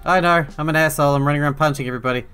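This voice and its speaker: A man's voice: on the high side, steady tone, very fast, bright, forceful tone, clean tone, faint music behind. A man giving casual, jokey let's-play commentary while playing a game. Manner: chatty, jokey, apologetic. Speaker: gameplay commentator.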